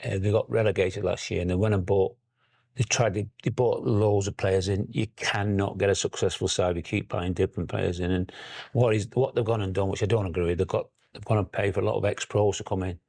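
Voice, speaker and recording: A man's voice: low-pitched, fairly even intonation, brisk, gravelly, darkish tone, slightly rough, no echo, studio quality. An older man with a Scouse accent, a former footballer chatting casually in an interview, rambling and laughing often. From Liverpool area.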